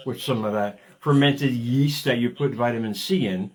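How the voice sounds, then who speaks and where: Speaking at normal speed in a mid-range voice, a radio host in his fifties energetically leads a motivational talk show. He wanders off on tangents and tends to repeat words when starting a thought.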